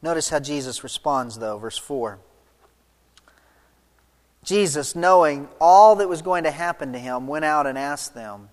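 A man's voice: on the high side, a little slow, big-room sound. A man preaching an expository sermon, retelling the story vividly and putting rhetorical questions to his listeners. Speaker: pastor.

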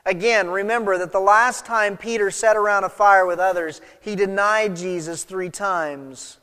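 A male pastor delivers a sermon in a fairly high voice, dropping soft and then pressing hard for emphasis. He speaks in a church, and his words trail off into a long hall reverb. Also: unhurried. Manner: expressive, swings between soft and emphatic.

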